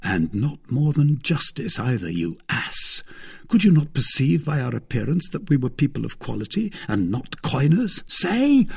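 A man's voice: medium pitch, sing-song, normal speed, creaky, a little mellow, breathy edge, heavily acted. A man reading a storybook aloud, voicing an impatient, hot-tempered young swordsman who speaks in a brusque, demanding way. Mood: scornful.

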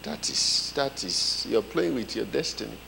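Animated, gravelly preacher man in a hall. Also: on the low side, measured pace, a little hiss or hum. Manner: animated storytelling, comic voices. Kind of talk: sermon.

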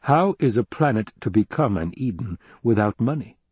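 A man's voice: fairly low pitch, expressive, moderate pace, a little mellow, breathy edge, no echo, lo-fi sound. A man voicing a grim, commanding duke. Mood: firm, probing. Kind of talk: audiobook character reading.

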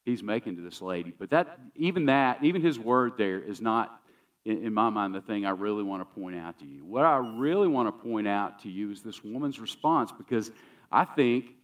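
A man's voice: on the low side, expressive, normal speed, recorded from a distance. A man pastor preaching a sermon in a conversational, emphatic way, often repeating key phrases.

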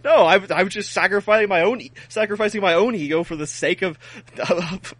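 A man co-hosting a podcast, bantering casually in a deadpan, mock-boastful way and laughing often. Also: high voice, fairly quick, no room sound. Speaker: podcast co-host.

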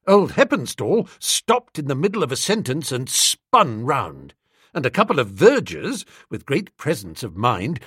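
Animated male audiobook narrator. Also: on the high side, breathy edge, dry recording, clean studio sound. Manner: brisk, animated comic storytelling.

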